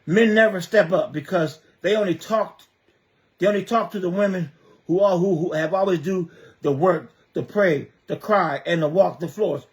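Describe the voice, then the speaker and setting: A man's voice: high voice, normal speed, highs cut off. A man giving an impassioned livestream monologue, firing rhetorical questions, repeating himself and stammering as he reads viewer comments. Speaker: livestreamer speaking on community youth programs.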